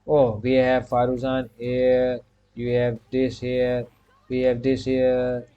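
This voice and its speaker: A gaming streamer chats casually over his own gameplay, his mid-range voice mellow, relaxed, clear and resonant. He guides himself through every move with short repeated commands and plugs pauses with the same stock phrase. The audio is dull and lo-fi, like a cheap home mic.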